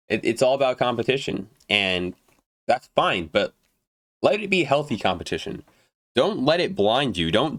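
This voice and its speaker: Low-voiced man on a profane gaming rant. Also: a bit bright, no room sound, studio quality. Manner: blunt, profane, repeats and restarts words. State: dry throat, voice cracking. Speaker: gaming YouTuber. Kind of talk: unedited rant to camera.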